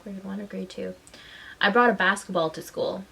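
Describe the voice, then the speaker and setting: A woman telling a story from her own life in a casual vlog, with a voice pitched right in the middle. She is animated and slips into the voices of the people she describes. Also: moderate pace, vocal fry, husky, poor audio. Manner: animated, acts out quoted voices. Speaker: mother and vlogger.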